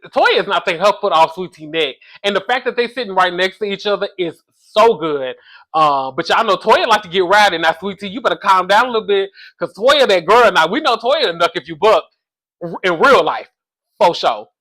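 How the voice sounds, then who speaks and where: A man casually reviewing a reality show episode, sassy and animated, calling his listeners baby and y'all, with features. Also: high voice, brisk. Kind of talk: casual chat.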